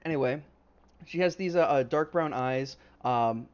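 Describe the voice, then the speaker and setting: A man's voice: mid-range voice, measured pace, darkish tone, clear, resonant tone, muffled recording. Rambling man running a tabletop game. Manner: rambling, casual, many fillers, swears. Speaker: game master.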